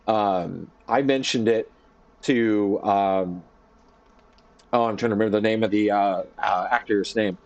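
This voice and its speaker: A man streaming from his home office, chatting casually and telling a rambling, animated story with lots of fillers. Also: fairly low pitch. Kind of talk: casual chat.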